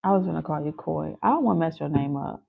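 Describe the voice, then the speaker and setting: A woman's voice: low voice, quick pace, vocal fry, slightly rough. A woman chatting casually and teasingly with viewers on a live stream, laughing easily. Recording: phone-like lo-fi audio.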